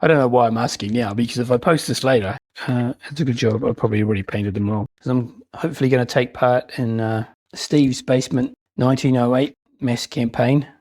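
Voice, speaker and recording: A man rambling with cheerful enthusiasm about his latest hobby pieces, his voice slightly breathy and husky. He talks at an ordinary middle pitch, and the recording is dry and close, with no room echo. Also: fairly even intonation, a little fast, few pauses, a little mellow. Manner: chatty, rambling, enthusiastic, self-mocking. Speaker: miniature wargaming channel host. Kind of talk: casual unboxing and hobby chat.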